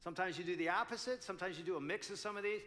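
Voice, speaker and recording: An older man in his sixties gives a conference talk, spinning an animated, self-deprecating story. His voice sits high for a man and rings bright and forward. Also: rapid-fire. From United States. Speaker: conference speaker. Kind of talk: storytelling talk to a live audience.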